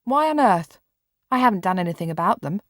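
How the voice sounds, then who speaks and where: A woman's voice: mid-range voice, lively intonation, brisk, a bit bright, no echo, close to an everyday voice. Cranky young boy stuck in bed, as a woman reads him, blunt and scolding, dry close mic. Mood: probing. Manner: brusque, scolding, gloomy. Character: bedridden boy, blunt and impatient.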